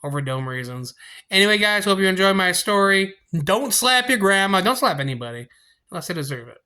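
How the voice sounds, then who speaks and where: Talking a little fast, a young adult man vlogs a storytime for his viewers in an animated, rambling way, restarting sentences often. His voice sits high, bright and forceful, with a clean tone.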